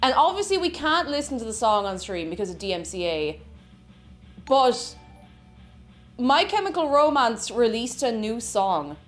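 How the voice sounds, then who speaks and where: An excitable young woman, greeting her chat in a gushing, sing-song way on a live stream. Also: a little high, a little slow. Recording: music playing behind.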